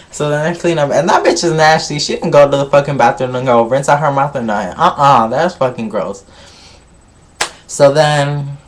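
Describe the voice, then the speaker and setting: Gossipy and foul-mouthed, this male vlogger runs through a reality show episode, skipping bits with "blah, blah, blah." His voice is on the high side at normal speed, with a little hiss or hum in the recording.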